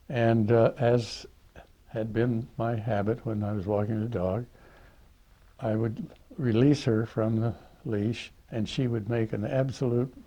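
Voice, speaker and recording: An older man recounting his own stories in an unhurried, wry manner. His voice is low and mellow. The recording sounds a little dull and muffled. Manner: unhurried, dry-witted, with pauses and fillers. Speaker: interviewee. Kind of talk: anecdotal storytelling.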